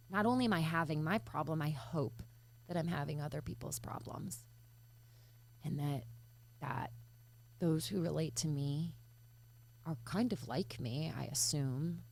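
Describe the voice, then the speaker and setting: A woman from Michigan with a notably low voice talks through a personal topic in an interview. She is earnest and searching, stopping often with fillers and circling back to rephrase. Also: darkish tone. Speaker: podcast guest. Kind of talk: reflective interview talk.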